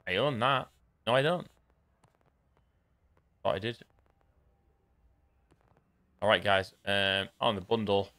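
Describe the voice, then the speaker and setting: A man's voice: on the low side, slow pace, pauses often, bright, forceful tone. A young man chatting casually and rambling with jokey asides while live-streaming a shooter game.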